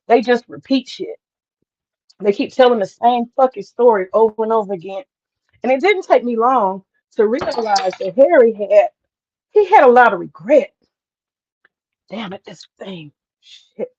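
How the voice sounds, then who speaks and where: Chatty woman with a slightly high voice. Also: a little mellow, muffled recording. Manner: candid and chatty, swears freely, talks to the chat. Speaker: host. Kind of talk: casual live stream storytelling.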